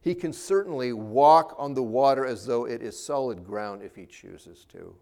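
A man preaching a sermon as a pastor, talking with animated, rising and falling emphasis. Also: mid-range voice, moderate pace, creaky.

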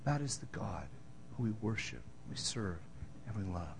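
A man preaching a sermon, moving between loud emphatic lines and quiet, tender asides. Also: fairly low pitch, sing-song, moderate pace, vocal fry, noisy background. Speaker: pastor.

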